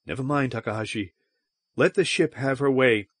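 A man voicing a firm, steady woman starship captain who talks briskly. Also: medium pitch, dry recording, natural voice. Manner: brisk and commanding.

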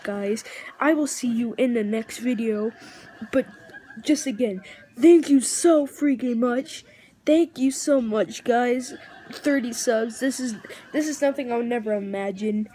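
A woman hosting her own channel in a casual vlog, gushing with excitement and tripping over her words. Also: on the high side. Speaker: channel host. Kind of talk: casual vlog thank-you.

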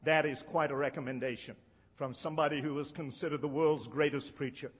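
A middle-aged man preaching a sermon in an emphatic way, slowing down to stress his key lines. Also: fairly high pitch, steady tone, breathy edge. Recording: dull sound with long hall reverb.

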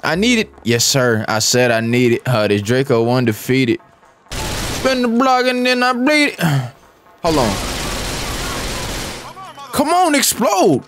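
A young man giving excitable, slangy live commentary over gameplay, repeating phrases and muttering rap lines. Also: medium pitch, slow, long pauses, music in the background. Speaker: gaming YouTuber.

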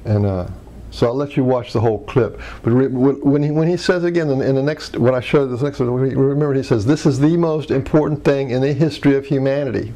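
Rambling male workshop teacher, mellow voice. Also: medium pitch, a little fast. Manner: rambling, many restarts and fillers. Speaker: workshop presenter. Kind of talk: teaching commentary.

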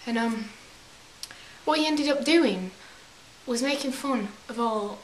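A young woman tells a rambling story to her camera in a put-on English accent. Her voice sits a little high, and the room gives it a clear echo. A faint hiss runs under everything. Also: slow. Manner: chatty, acts out quotes in silly voices. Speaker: vlogger.

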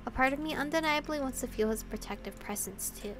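Speaking quickly in a high-pitched voice, a woman plays a visual novel and reads its narration with emotion, breaking off for giggly asides. Background noise can be heard throughout this let's play commentary.

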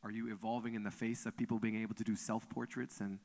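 A man moderating a live onstage conversation, talking in a relaxed way to the guest and the audience. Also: lowish voice, fast talker. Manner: relaxed, brief affirmations, addresses the audience directly. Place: large museum auditorium before an audience. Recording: long hall reverb from a live auditorium.

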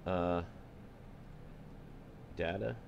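A man's voice: sits low, fairly even intonation, extremely slow, vocal fry, lo-fi sound, a little hiss or hum. A man streaming a flight simulator, chatting casually and joking with his viewers as he sets up the flight. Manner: laid-back, joking, thinking aloud. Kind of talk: casual live-stream chat.

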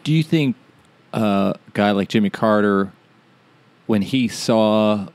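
A man's voice: lowish voice, slow, a little mellow. A man co-hosting a comedy podcast in casual chat, jokey and often laughing between lines. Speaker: podcast co-host.

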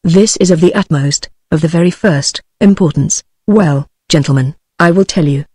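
A text-to-speech woman's voice with a British English accent, reading a novel aloud and giving every character the same even delivery. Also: lowish voice, moderate pace, breathy edge, no echo, clean studio sound. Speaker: audiobook narrator.

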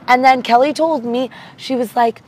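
Brief: high-pitched young woman, giggly, outdoors with faint traffic. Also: normal speed. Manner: giggly, animated. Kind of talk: casual comedy sketch chat.

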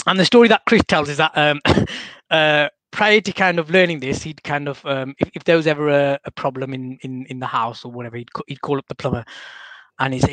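Male guest, rambling talker with fillers, slightly high voice, dry close sound. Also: brisk, fairly bright tone, no room sound. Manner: rambling, full of fillers and restarts. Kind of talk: conversational interview.

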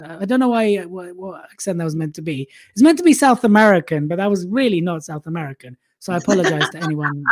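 A man's voice: high-pitched, lively intonation, quick pace, few pauses. A man guesting on an interview, a public speaking coach who talks chattily, mocks himself and laughs often. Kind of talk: casual interview chat.

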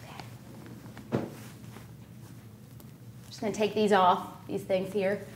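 A woman's voice: mid-range voice, level tone, slow, a little hiss or hum, natural voice. A woman playing a naive, ditzy hopeful at a comedy audition, rambling and stammering. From North Carolina.

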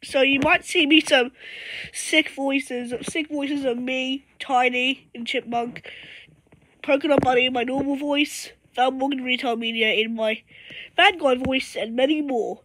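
A sick woman host gives a casual, rambling video intro and keeps restarting her sentences. Her voice sits high. It is a noisy home recording. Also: steady tone, a little slow. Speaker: channel host.

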